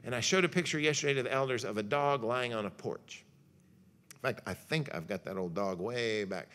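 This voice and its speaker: In a church hall, a man speaking as a pastor delivers a luncheon lecture, making his point through folksy stories, jokes, and acted-out quotes. His mid-range voice is a bit bright and runs a little fast.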